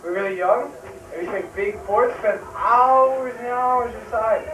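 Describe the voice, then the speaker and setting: A man's voice: very high-pitched, steady tone, a little slow, fairly bright tone. A young adult man telling rambling childhood stories to a friend on camera, restarting lines and laughing often. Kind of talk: casual anecdotes to camera. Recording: echoey room, distant mic, crowd chatter.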